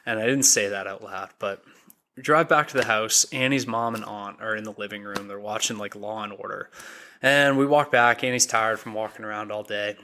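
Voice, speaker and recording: A young man, a podcast guest, telling a story in a casual, animated way and acting out the quoted dialogue. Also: lowish voice, fairly quick, a little hiss or hum.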